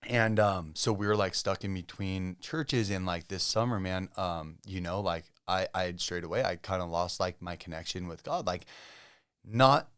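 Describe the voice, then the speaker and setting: A man from Southern California with a very low, smooth and resonant voice, recorded dry and close. He tells his story as a podcast guest in relaxed, casual talk, peppered with "dude", "bro" and "like". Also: moderate pace, no echo. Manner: laid-back, full of "dude", "bro" and "like". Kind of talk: casual testimony chat.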